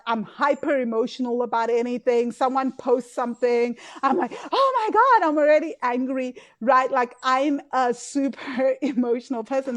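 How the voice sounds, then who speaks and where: A woman hosting a solo podcast, talking in an emotive, chatty way with many tag questions. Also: on the high side. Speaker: podcast host and money coach. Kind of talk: casual solo podcast talk.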